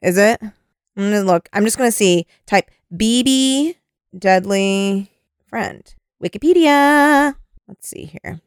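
A woman hosting a podcast in a relaxed chat. She agrees readily and reads plot summaries aloud in a mid-pitched voice, close and dry on the mic. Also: slow, clear, resonant tone, no room sound. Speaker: podcast host.

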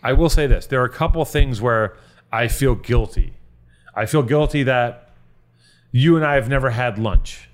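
A man's voice: medium pitch, normal speed. Rambling, profane man riffing. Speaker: podcast host. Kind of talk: casual comedic chat.

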